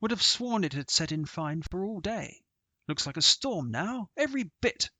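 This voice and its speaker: A man voicing a blustering older gentleman golfer who talks in clipped, jovial, brusque phrases. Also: sits high, sing-song, normal speed, dry recording, pitched above the performer's own voice, heavily acted. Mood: puzzled.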